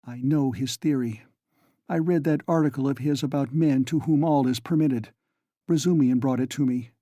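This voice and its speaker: A man's voice: mid-range voice, normal speed, dark tone, dry recording, studio quality, natural voice. A man voicing a proud but frightened young woman who pleads and accuses in breathless outbursts.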